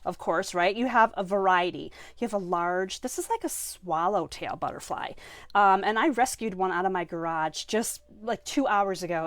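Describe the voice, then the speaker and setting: A woman's voice: medium pitch, dry recording. A woman with a Maine accent teaching a live online card-making class from her home craft room, chatty and enthusiastic, greeting viewers by name.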